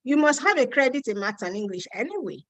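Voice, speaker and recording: Bright-voiced Nigerian woman answering live questions. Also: sits high, very animated, fast, no echo, rough recording. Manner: chatty, reads out questions, frank and teasing. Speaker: host answering viewer questions on a live stream. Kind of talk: casual live Q&A.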